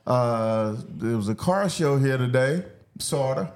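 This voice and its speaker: A man's voice: medium pitch, expressive, darkish tone. A man hosting a sports podcast at a car show, chatting casually and laughing often. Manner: laid-back, laughs often, drawn-out fillers. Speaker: podcast host.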